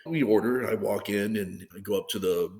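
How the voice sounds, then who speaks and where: Low-voiced man in his fifties, rambling. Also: normal speed, darkish tone, in a large hall. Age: 50s. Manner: rambling, acts out others' lines with "and I was like". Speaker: guest athlete. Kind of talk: casual storytelling.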